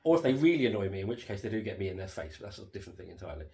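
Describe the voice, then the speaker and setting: A man's voice: lowish voice, sing-song, racing, darkish tone. A man co-hosting a casual chat podcast, talking in a rambling, self-deprecating way. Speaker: podcast co-host.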